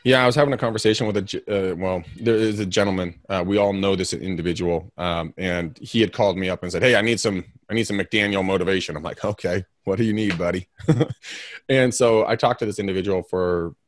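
Male interview guest, low voice, dry close sound, emphatic and rambling, gets louder when fired up. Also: brisk, no echo. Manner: energetic, rambling, emphatic, with self-mocking asides. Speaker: realtor and podcast co-host, interview guest. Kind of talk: candid interview storytelling.

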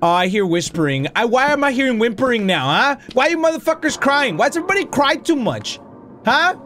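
Young male gamer host, high and swooping voice, jumpy and foul-mouthed, narrates his own play. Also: fast, a little hiss or hum. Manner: excitable, profane, mutters to himself and yells at the game. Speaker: gaming video host. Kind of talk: live horror game commentary.

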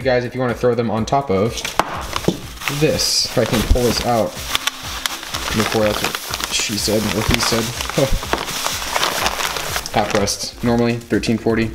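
A man talking casually to his viewers in a vlog, chatty and rambling with quick jokes. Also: mid-range voice, very noisy. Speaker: vlogger.

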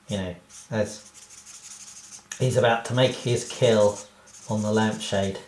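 A man talks through how he draws a cartoon, unhurried and rambling, full of fillers and self-deprecating asides. His voice sits in the middle of the range and has a roomy echo around it. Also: on the low side, fairly even intonation, darkish tone. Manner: rambling, self-deprecating, laughs at own jokes. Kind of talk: casual drawing tutorial.

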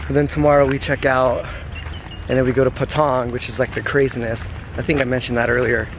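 A man's voice: mid-range voice, flat delivery, fairly quick. A young man vlogging on a trip, laid-back and jokey as he chats with his partner and the viewers. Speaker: travel vlogger. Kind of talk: casual travel vlog chat. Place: outdoors at a beach and town streets. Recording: noisy outdoor street sound.

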